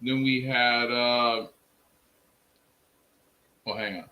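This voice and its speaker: A man's voice: medium pitch, steady tone, extremely slow, dull audio. A man hosting a casual wrestling recap stream, talking enthusiastically to his chat and co-host, with "freaking" in nearly every sentence. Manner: enthusiastic, fills speech with "freaking". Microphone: streaming setup, talking to chat.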